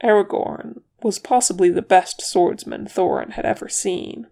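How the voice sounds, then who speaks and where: An audiobook reader narrating fan fiction in an even, steady way. The voice sits at a middling pitch, unhurried and strongly gravelly. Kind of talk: reading fan fiction aloud.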